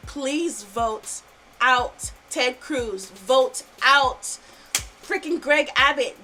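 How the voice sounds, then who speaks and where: High bright-voiced angry woman with twang. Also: extremely slow, faint music behind, rough recording. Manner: angry, swears freely, repeats herself. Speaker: podcast host. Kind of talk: casual podcast chat.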